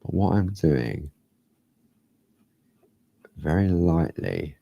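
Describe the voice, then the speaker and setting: A man hosting a craft show, chatting casually and rambling a little as he demonstrates, sometimes dropping to a soft near-whisper. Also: low-pitched, lively intonation, measured pace, gravelly, pauses often, no room sound.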